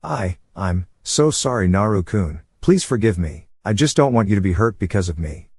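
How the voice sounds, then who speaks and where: A man voicing a shy, gentle teenage ninja girl in a fan-fiction reading, soft and hesitant with stammers. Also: fairly low pitch, lively intonation, moderate pace, breathy edge, dry recording, studio quality. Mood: soft, pleading.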